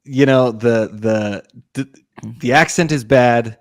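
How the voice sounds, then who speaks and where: A man's voice: medium pitch, slow, dry recording, studio quality. A man co-hosting a podcast, talking eagerly and loosely about a film with lots of "like" and restarts. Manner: enthusiastic, rambling, many fillers and restarts. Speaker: podcast co-host. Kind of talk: casual film discussion.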